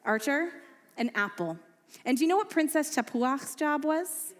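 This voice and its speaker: A woman's voice: high voice, lively intonation, normal speed. A woman telling a story to children at a family service, playful and quizzing them with questions. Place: synagogue sanctuary. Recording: echoey hall with faint music.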